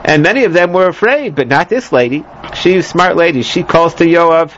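A man's voice: on the high side, animated, a little fast, a bit bright, a little hiss or hum. A man teaching a scripture lesson, rambling with many fillers, restarts and joking asides, in a dull lo-fi recording. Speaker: Bible teacher. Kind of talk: lecture on scripture.

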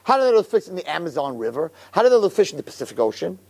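A man giving an animated storytelling sermon as a religious teacher, who keeps checking in with the audience. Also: on the high side, racing, slightly rough. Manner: animated, keeps asking "right?".

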